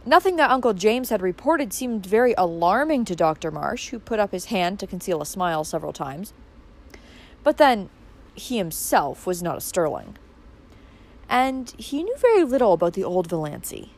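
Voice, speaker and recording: A woman's voice: medium pitch, moderate pace, creaky. A woman narrating a classic novel as an audiobook, reading expressively. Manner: expressive, wide-ranging delivery.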